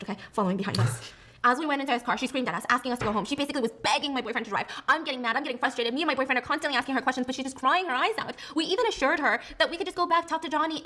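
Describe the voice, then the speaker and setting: Woman, rapid-fire delivery, slightly high voice, animated story reading. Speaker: story narrator.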